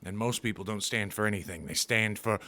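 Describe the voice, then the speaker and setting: A man's voice: on the low side, brisk, bright, forceful tone. A man doing an angry, profane, sarcastic comedy rant as a vlogger.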